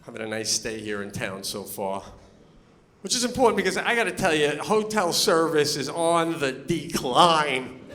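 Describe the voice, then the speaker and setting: A man's voice: a little high, very animated, moderate pace, fairly bright tone. A man performing stand-up comedy on a theater stage, telling stories animatedly and acting out the voices of people he meets. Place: theater stage before a live audience. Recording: live hall with long reverb. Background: audience laughter.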